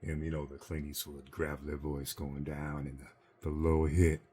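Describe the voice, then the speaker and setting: A man with a very low voice talks casually on a gaming chat show. He rambles through a film's plot and dips into a growly register for the characters' quotes. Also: level tone, normal speed, dark tone. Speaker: podcast co-host. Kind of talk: casual chat retelling a film.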